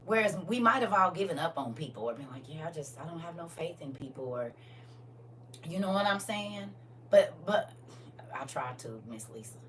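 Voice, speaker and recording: A woman hosting a casual livestream chat with her viewers, swinging from soft murmurs to loud, excited exclamations. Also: deep voice, moderate pace. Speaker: livestream host. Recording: distant mic with faint background hum.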